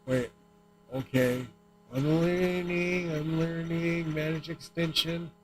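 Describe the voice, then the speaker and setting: A man's voice: a little high, flat delivery, takes it slowly, soft background music, low-quality recording. Rambling, profane man streaming. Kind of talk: rambling livestream talk.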